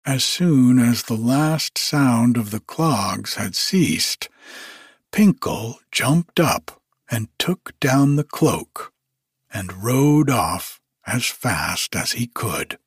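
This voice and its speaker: Slow, breathy man reading a bedtime story. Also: mid-range voice, no room sound, clean studio sound. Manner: unhurried, expressive storytelling.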